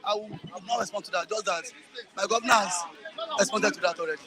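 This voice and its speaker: High forceful Nigerian man arguing. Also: fast, some chatter behind. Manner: forceful, talks over others, repeats himself. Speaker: interviewee. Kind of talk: heated political argument.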